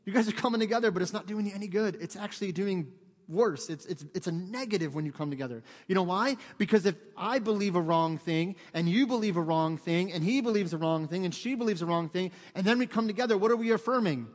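A man preaching a sermon as pastor, telling stories with dramatic swings from loud to hushed. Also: high-pitched, fast talker, long reverb tail. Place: church sanctuary.

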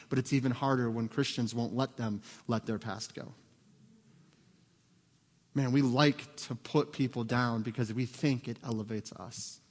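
Male pastor, mid-pitched, earnest sermon delivery, long reverb from the hall. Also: a little mellow. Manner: earnest, rhetorical questions, acts out quoted voices.

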